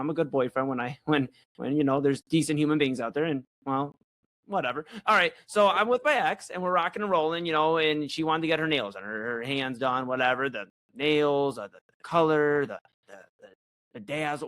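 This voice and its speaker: A young man co-hosting a comedy chat show, telling a story in a rambling, animated, self-mocking way. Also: fairly high pitch. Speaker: co-host.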